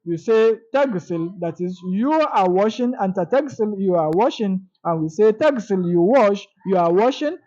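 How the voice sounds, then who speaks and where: A woman teaching an Arabic grammar lesson, repeating each example slowly and then translating it. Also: mid-range voice, lively intonation, dark tone, dull audio.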